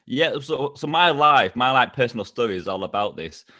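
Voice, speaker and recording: A middle-aged man, a podcast guest telling stories with lively energy and frequent laughs. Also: medium pitch, normal speed, no room sound, highs cut off. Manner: energetic, animated, laughs often. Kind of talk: casual storytelling interview.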